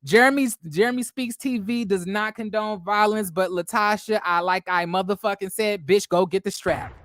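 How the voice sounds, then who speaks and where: A man hosting a celebrity gossip commentary, animated and profane, breaking into stammering restarts. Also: sits high, normal speed, dry recording, studio quality.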